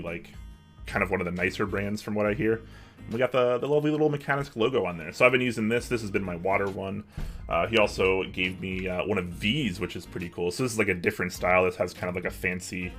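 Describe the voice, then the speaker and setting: Answering viewer messages and chatting casually, this young livestream host broadcasts from his home office. He has a deep voice with a slightly bright edge.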